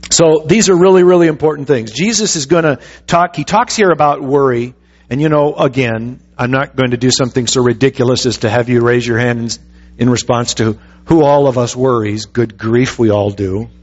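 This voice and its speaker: A man's voice: medium pitch, normal speed, highs cut off. A pastor preaching a conversational sermon, asking the congregation rhetorical questions and pressing his points with emphatic restarts.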